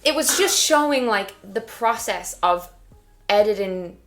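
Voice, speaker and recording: A woman's voice: mid-range voice, lively intonation, a little slow, a bit bright. A young woman with an Irish accent chatting frankly and laughing easily while she does her makeup indoors. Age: young adult. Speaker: guest vlogger. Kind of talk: casual chat while doing makeup. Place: indoors, getting ready.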